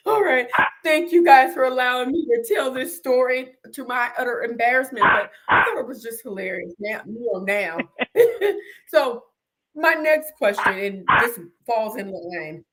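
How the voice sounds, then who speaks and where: A middle-aged woman hosting a chat tells her stories with big energy. She laughs through them and acts out her own cries. Her voice sits a little high. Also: measured pace. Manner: lively storyteller, laughs often, acts out her own screams. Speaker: host. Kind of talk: casual interview chat, animated storytelling.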